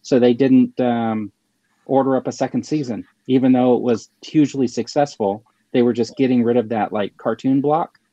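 A man's voice: mid-range voice, fairly even intonation, normal speed, warm tone, no echo. A man hosting a casual chat, rambling with many fillers and restarts. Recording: slightly dull lo-fi sound.

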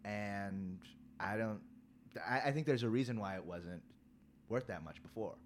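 A man co-hosting a podcast, talking in a measured, insistent way and reading facts aloud. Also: fairly low pitch, slight background noise. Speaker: podcast co-host. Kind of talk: casual chat.

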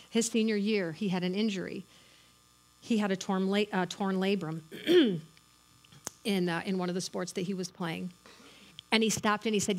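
A woman's voice: mid-range voice, low-quality recording. A middle-aged woman giving a sermon, telling a story in an earnest, encouraging way. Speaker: church speaker.

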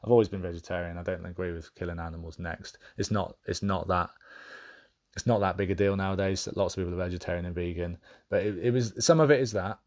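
Low-voiced man, candid and reflective. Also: fairly even intonation, a little mellow. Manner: candid, thoughtful, halting with restarts. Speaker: podcast host. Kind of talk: reflective personal monologue.

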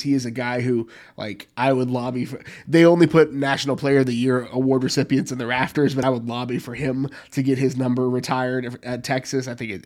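A man in a middle pitch range co-hosts a sports podcast. He talks in a steady, upbeat way about the teams. The delivery is casual and unhurried. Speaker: podcast co-host.

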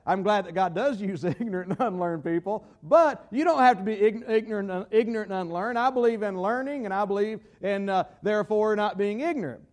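Folksy high-voiced Southern man preaching. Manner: folksy, repeats words while searching for phrasing. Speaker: pastor. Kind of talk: sermon.

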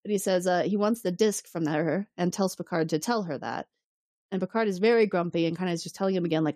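A woman co-hosting a podcast in casual chat, recapping an episode with lively acted-out lines and frequent laughter. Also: fairly low pitch, fast, no echo, studio quality. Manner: animated, acts out characters' lines, laughs often. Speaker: podcast co-host.

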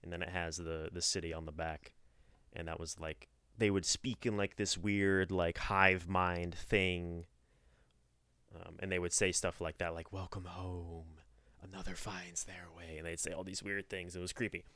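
A man with a very low, smooth and clear voice chats easily on a podcast, rambling along and often letting his voice sink to a soft murmur. The sound is close and dry. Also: little pitch movement, normal speed, dry recording. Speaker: podcast co-host. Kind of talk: casual chat.

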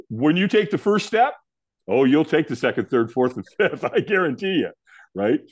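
Older man telling an animated story. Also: on the high side, normal speed, husky. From California, USA. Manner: animated storyteller who acts out the quoted voices. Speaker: podcast guest. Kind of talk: storytelling in an interview.

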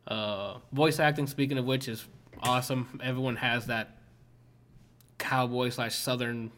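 This streamer's voice sits at medium pitch, a bit bright, with fairly even intonation and an unhurried pace, and there's slight background noise. In casual chat, he meanders through a story, cursing frequently and saying "like" again and again.

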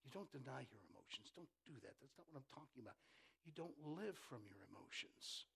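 A man preaching a sermon as pastor, swinging from impassioned shouts to near-whispers and calling on the congregation to answer. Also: mid-range voice, big pitch swings, brisk, creaky, breathy edge. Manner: impassioned preaching that drops to a hush; calls for congregation responses. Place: church.

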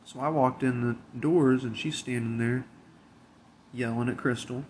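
A man's voice: mid-range voice, fairly even intonation, measured pace, a little mellow, a little hiss or hum. A man who works at a convenience store telling a story in a blunt, profane, drawling way. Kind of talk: casual storytelling.

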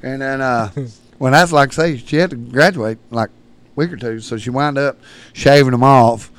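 A man's voice: mid-range voice, moderate pace, dry recording. A man, a podcast guest telling rowdy stories with lots of laughter. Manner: rowdy, laughing, acts out shouted quotes. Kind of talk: storytelling in casual chat.

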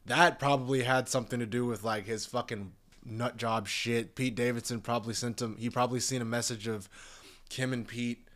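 A man's voice: mid-range voice, steady tone, moderate pace, a bit bright. A young man in a casual, profane, rambling rant, talking in an exasperated way. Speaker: commentator.

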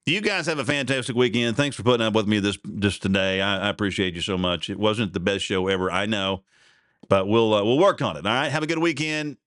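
A podcast host from Oklahoma tells a rambling personal story, self-deprecating and chuckling as he goes. His fairly low, fairly bright voice moves fairly quickly, captured in a dry, clean studio recording.

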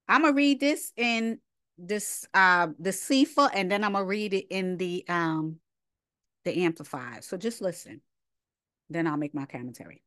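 A woman's voice: medium pitch, a bit bright, no echo, clean studio sound. A woman teaching a casual scripture lesson, reading verses aloud and then commenting directly to her listeners. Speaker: Bible study teacher.

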